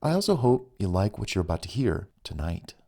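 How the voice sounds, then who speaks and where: Man reading a smooth, attentive suitor. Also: lowish voice, fairly quick, full character voice. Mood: gentle. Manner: calm, gentle, courteous. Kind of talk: audiobook reading.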